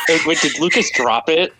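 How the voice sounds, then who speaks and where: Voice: mid-range voice, animated, measured pace, very noisy. A player speaking bluntly in a tabletop game.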